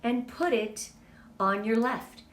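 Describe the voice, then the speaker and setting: Woman, middle-aged, team leader, heartfelt motivational pep talk, slightly high voice, echoey room. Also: slow. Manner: earnest and emotional, speaks to the group directly.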